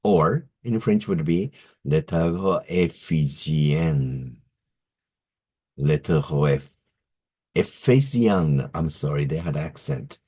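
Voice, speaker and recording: A man giving a language lesson, speaking slowly and carefully, repeating words, correcting himself and chuckling now and then. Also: rumbling low, darkish tone, slightly rough. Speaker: teacher.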